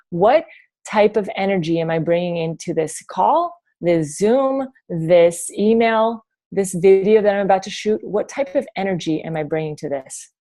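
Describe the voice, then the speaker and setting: A woman's voice: mid-range voice, warm tone. A woman coaching her team over a video call from home, chatty and rambling with many restarts. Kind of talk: motivational team talk.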